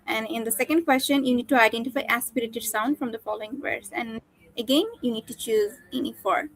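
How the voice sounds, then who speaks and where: Woman teacher, examiner, slightly high voice, brisk instructions. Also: steady tone, low-quality recording. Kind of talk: conducting an oral exam. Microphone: online call.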